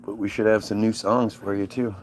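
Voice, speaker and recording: A man's voice: on the low side, flat delivery, fairly quick, slight background noise. A man hosting his own livestream, musing aloud in a casual, rambling and sarcastic way from home. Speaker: livestream host.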